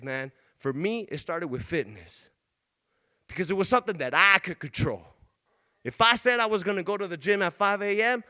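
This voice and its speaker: A man's voice: high voice, sharp tone. A man in his thirties giving a candid, emotional personal testimony with profane street talk, building to urgent encouragement. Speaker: motivational speaker.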